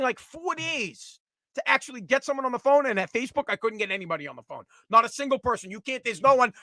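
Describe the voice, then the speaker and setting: A middle-aged man, hosting a casual comedic rant that is profane and animated. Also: sits high, dry recording. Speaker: podcast host.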